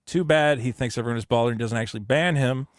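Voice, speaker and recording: A man co-hosting a casual comedy podcast, reading super chats aloud and telling stories loudly with put-on panicked voices. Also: mid-range voice, quick pace, no room sound, studio quality. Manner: loud, animated storytelling with put-on panicked voices.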